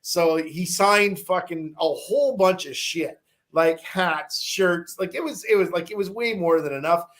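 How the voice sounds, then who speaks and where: A man's voice: high voice, measured pace, fairly bright tone. A man telling a long casual story, rambling with many restarts, fillers and some swearing.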